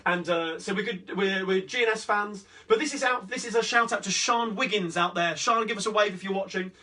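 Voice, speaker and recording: A man with a Cockney accent chatting between songs as the host of a live-streamed sing-along, rambling cheerfully through requests and shout-outs. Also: high voice, brisk. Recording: distant mic with guitar playing.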